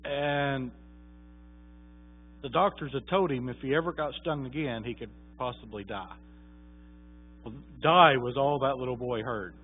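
A man's voice: medium pitch, measured pace, pauses often, husky. A man preaching a sermon, telling a story in a folksy, conversational way with many fillers. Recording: tinny phone-like sound.

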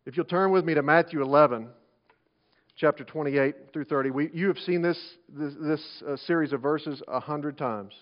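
A pastor delivers his sermon in a conversational way, restarting phrases as he goes. His voice sits a little high, and he swings between loud emphasis and quiet asides. The recording is dull and lo-fi. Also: normal speed.

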